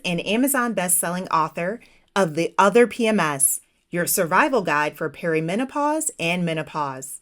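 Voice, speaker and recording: Low-voiced woman hosting an interview. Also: a bit bright. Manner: reads a polished scripted introduction. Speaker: podcast host.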